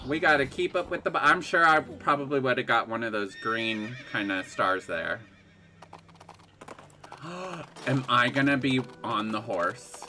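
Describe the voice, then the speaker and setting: A man giving excitable live gameplay commentary, gasping and laughing as he reacts to the game. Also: mid-range voice, unhurried. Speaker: game streamer.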